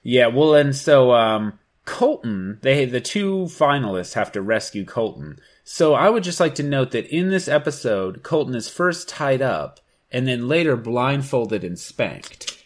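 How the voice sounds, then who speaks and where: A man in his thirties co-hosting a podcast in casual chat, lively and quick to laugh. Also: medium pitch. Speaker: podcast co-host.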